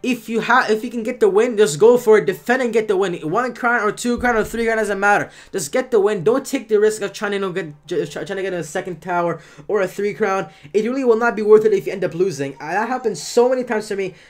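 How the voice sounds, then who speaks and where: A man's voice: high voice, fast talker, hardly any pauses. Chatty man commentating his own gameplay. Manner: chatty, self-correcting, talks through each move. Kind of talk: casual live gameplay commentary.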